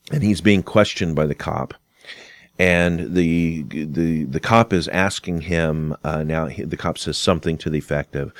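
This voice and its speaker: A man explaining arguments in a casual spoken lecture, unhurried and explanatory. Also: a bass voice, no room sound. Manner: unhurried, explanatory, acts out quoted dialogue. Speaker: instructor on arguments and fallacies.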